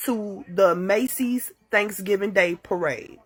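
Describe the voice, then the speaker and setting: A woman telling a dramatic story to her phone in a casual, profane and animated way. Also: a little high, normal speed. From Chicago. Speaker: TikTok storyteller. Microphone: phone mic.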